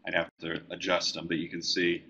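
A man who letters comic books, teaching a live software tutorial and talking easily as he works on screen. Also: low voice, brisk, husky, highs cut off. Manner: relaxed, talks while working on screen. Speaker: comic book letterer and design educator.

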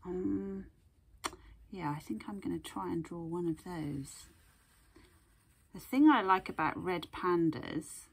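A woman art teacher reading a picture book aloud and gently guiding young children to draw, asking them questions as she goes. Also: on the low side, slow pace, creaky, long pauses, breathy edge.

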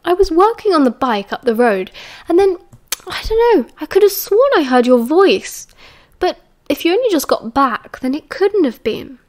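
A woman with a British accent voicing an excitable young man in a high, eager, breathless way. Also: normal speed. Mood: cheerful.

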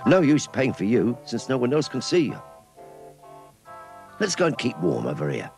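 A man's voice: mid-range voice, wildly swooping pitch, normal speed, loud music behind the voice, voice pushed up. A man voicing a cheerful young boy in a storybook cartoon, talking eagerly about going to a football match. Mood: matter-of-fact.

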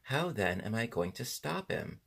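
A man voicing a spirited, quick-tempered young boy, speaking in a raised, emphatic voice. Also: mid-range voice, sing-song, creaky, a bit bright, slightly rough, pitched above the performer's own voice, full character voice. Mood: eager.

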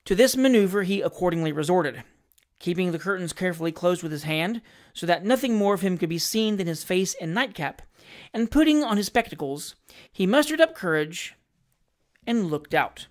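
A woman reading a classic novel aloud as narrator, in a measured, expressive storytelling manner. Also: fairly low pitch. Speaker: audiobook narrator.

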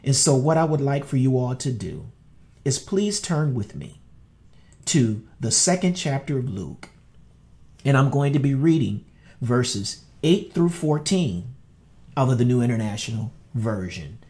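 A middle-aged man, a pastor, preaching a sermon and telling a personal story in a slow, earnest way that repeats words. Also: mid-range voice, very animated, warm tone.

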